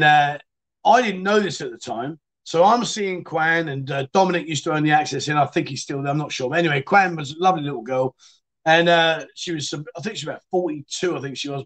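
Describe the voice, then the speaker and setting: Chatty high-voiced man telling cheeky stories. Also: a bit bright. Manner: chatty, cheeky storyteller who laughs as he goes. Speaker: livestream chat show host. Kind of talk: casual livestream chat, reading out viewer stories.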